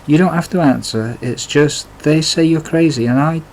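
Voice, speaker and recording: A man reading the lines of a timid, tearful young girl, with gentle, hesitant questions. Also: a little high, normal speed, slight background noise, voice pushed up, close to an everyday voice, rough recording.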